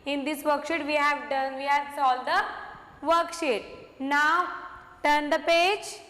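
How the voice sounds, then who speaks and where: A woman's voice: sits high, fairly even intonation, slow, fairly bright tone. A woman, teaching young children through a worksheet, coaxing and repeating simple words. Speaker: kindergarten teacher. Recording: echoey room.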